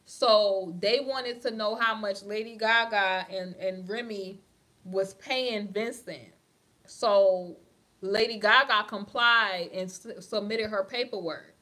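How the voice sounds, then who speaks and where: Sharp-toned and medium-pitched, the gossip livestream host speaks into a phone or webcam. She's chatty and casual, reading out viewer comments and addressing everyone as "honey."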